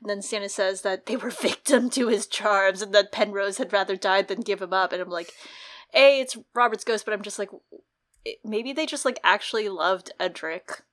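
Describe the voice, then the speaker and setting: Woman, medium pitch, easygoing podcast co-host, filler-heavy delivery. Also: moderate pace, fairly bright tone. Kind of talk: casual podcast chat.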